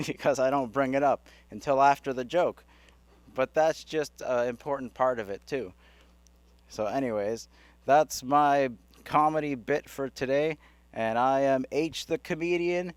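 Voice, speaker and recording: A man's voice: medium pitch, no echo. A man doing a rambling stand-up comedy set who chuckles at his own jokes. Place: live comedy club stage.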